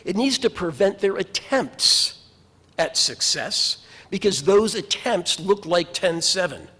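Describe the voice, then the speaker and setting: A rabbi delivers a sermon in a notably high-pitched male voice, earnest and measured, leaning on emphatic repetition. His words ring out with a long reverb, as in a large synagogue sanctuary. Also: animated, bright, forceful tone, slightly rough.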